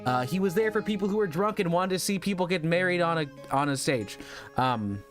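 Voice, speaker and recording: A man with a voice a touch higher than most talks through a livestream in a loose, rambling way, thinking aloud as he goes. Soft music plays faintly underneath. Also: lively intonation, fairly quick. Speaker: streamer. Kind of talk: casual livestream chat.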